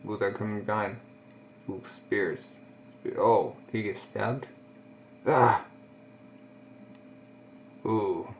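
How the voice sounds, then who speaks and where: A man's voice: on the low side, slow, long pauses, slight background noise. A man giving casual, reactive commentary while he reads a manga aloud, on a dull lo-fi recording. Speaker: manga reader. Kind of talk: casual read-along commentary.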